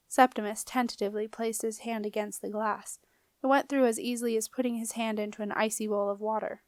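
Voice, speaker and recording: A woman's voice: fairly high pitch, brisk, dry recording. Woman reading a storybook aloud. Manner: clear and expressive. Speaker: audiobook reader. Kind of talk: storybook narration.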